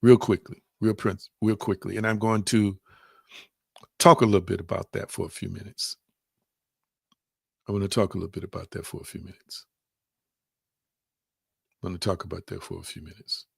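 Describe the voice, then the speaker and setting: A man's voice: deep voice, flat delivery, normal speed, vocal fry, long pauses, breathy edge, no echo, clean studio sound. A man giving a live-streamed spiritual teaching, repeating his phrases, putting questions to viewers and reading their comments aloud.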